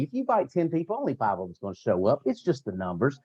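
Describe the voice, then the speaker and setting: A man giving an energetic motivational training talk to his sales team, full of repeated slogans and direct coaching. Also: medium pitch, quick pace, few pauses, slightly rough, lo-fi sound. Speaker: network marketing team trainer.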